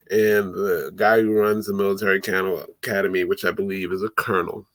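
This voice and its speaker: A man casually recapping an old movie, animated and laughing as he acts out the characters' lines. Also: low voice, a little fast, hardly any pauses, no room sound. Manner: animated, laughing, acting out quotes in voices. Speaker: podcast host.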